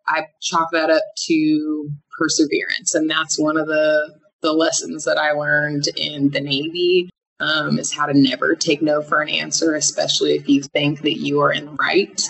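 Low-voiced woman, candid founder. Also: flat delivery, vocal fry, fairly bright tone, husky, rough recording. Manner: candid, halting with restarts. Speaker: business founder, guest. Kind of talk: casual interview answers.

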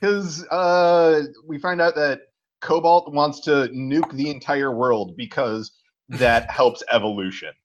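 A man co-hosting a podcast, telling a movie plot in a casual, animated way and swearing freely. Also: fairly high pitch, takes it slowly, lo-fi sound. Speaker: podcast co-host. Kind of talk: casual movie recap chat.

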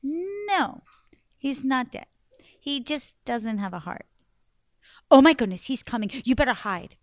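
A woman voicing a clever, chatty young woman held by a giant, talking in brisk, sassy, flattering bursts. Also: high voice, dry recording, studio quality, pitched above the performer's own voice. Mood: urgent.

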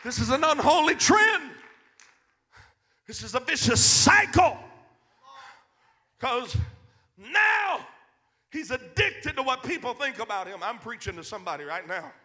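Man preacher, very high voice, bright and tense, fiery youth sermon, shouts then drops to a hush. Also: very animated, a little slow, long pauses, some chatter behind. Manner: swings from loud to hushed.

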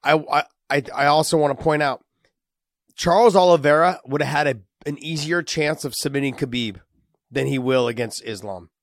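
A man with a cold and a raspy voice, breaking down fights in a casual, emphatic way, often restarting his sentences. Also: on the high side, moderate pace, dry recording, studio quality. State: has a cold, raspy voice and coughing. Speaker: co-host, fighter analyst.

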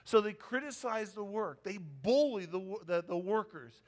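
A man preaching a sermon as a pastor, animated and emphatic, rising and falling as he drives his points home. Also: sits high, normal speed.

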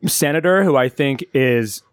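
A man's voice: medium pitch, a little slow, dry recording, clean studio sound. A man co-hosting a casual podcast chat, talking with heated, profane passion and frequent restarts. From California. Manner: impassioned, profane, restarts a lot when upset. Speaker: podcast co-host.

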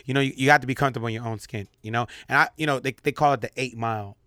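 A man's voice: medium pitch, racing, sharp tone, dry recording, studio quality. A young adult man hosting a podcast, talking candidly and emphatically in casual chat, often repeating himself for stress. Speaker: podcast host.

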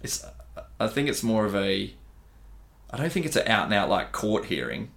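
A man's voice: fairly low pitch, sing-song, normal speed, creaky, a bit bright. An Australian man co-hosting a casual podcast, laid-back and swearing freely, calling his listeners dude and bro. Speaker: podcast co-host, gym owner and coach.

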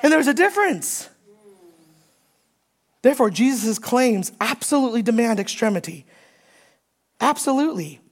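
A high-pitched woman delivers a Sunday sermon. She preaches emphatically, repeating her key points and building force as she quotes scripture. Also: sing-song, moderate pace, pauses often. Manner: emphatic preaching, repeating key phrases, rising when quoting. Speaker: pastor.

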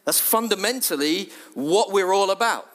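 Lively high-voiced church leader. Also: male voice, normal speed. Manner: lively, conversational, acts out quotes in a raised voice. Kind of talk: sermon.

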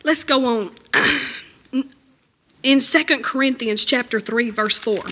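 High-pitched woman preacher, emotional, fervent sermon delivery. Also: takes it slowly, background noise. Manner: emotional, fervent, with frequent amens and hallelujahs. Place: church.

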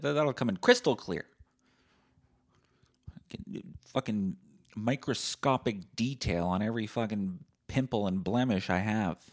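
A man in his thirties hosting a casual solo podcast, sardonic and profane, swinging into loud mock-angry rants. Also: fairly low pitch, gravelly. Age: 30s. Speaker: podcast host.

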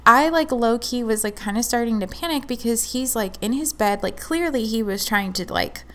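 A woman's voice: on the high side, lively intonation, normal speed. A woman in her twenties telling a story in casual chat, full of "like" and acted-out quotes. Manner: chatty, fillers of "like", acts out quoted dialogue.

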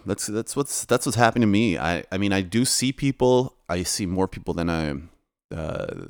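A man's voice: sits low, dry recording, clean studio sound. A man, talking to camera in a loose, rambling monologue with lots of restarts. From Canada. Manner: rambling, relaxed, many restarts. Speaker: DJ and vlogger. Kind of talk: casual monologue.

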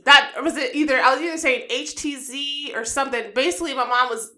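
A woman co-hosting a podcast in casual chat, animated and laughing often as she acts out quotes. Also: sits high, brisk. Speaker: podcast co-host.

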